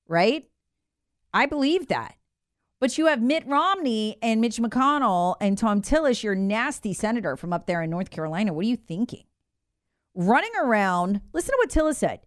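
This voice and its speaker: A woman's voice: fairly high pitch, no echo, studio quality. A woman hosting a political commentary show, talking in an emphatic, indignant monologue with sarcastic asides.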